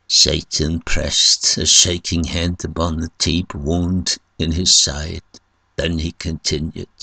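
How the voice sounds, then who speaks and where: A man reading a story aloud in measured, scripted narration. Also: rumbling low, level tone, gravelly, sharp tone, slightly rough, no echo. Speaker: reader.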